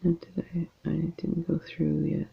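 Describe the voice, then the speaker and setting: A woman talks slowly and casually over her beading work, wandering from thought to thought with plenty of ums. Her voice has a gravelly, fried edge. The recording sounds a little dull and lo-fi. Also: low voice, flat delivery. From Canada. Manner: rambling, chatty, lots of fillers. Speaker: beading channel host. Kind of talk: casual chat while beading.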